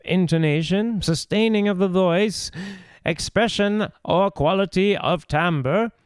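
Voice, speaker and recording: A man hosting a singing lesson, reading a book aloud with comments, thoughtful, with a strained throat and frequent throat clearing. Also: sits high, slow pace, dry recording, studio quality. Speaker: host, singing teacher.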